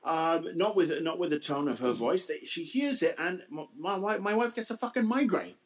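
A man's voice: a little high, animated, normal speed, rough recording. A man co-hosting a podcast, ranting angrily and swearing freely. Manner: angry, profane ranting. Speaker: podcast co-host. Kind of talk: casual podcast chat.

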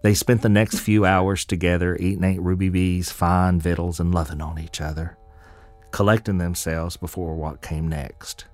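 A man narrating a scripted audio drama in a folksy storytelling manner. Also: low voice.

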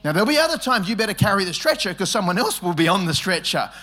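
High-voiced pastor telling jokey family stories. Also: male voice, big pitch swings, quick pace, pushed and bright. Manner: humorous storytelling, acts out family dialogue. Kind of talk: sermon. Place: church.

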